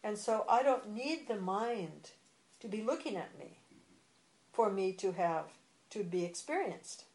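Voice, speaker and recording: A woman's voice: medium pitch, lively intonation, a little slow, a little mellow. Woman explaining patiently in an echoey room. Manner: explains patiently with examples, checks understanding. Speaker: teacher of spiritual philosophy. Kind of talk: explanatory discussion.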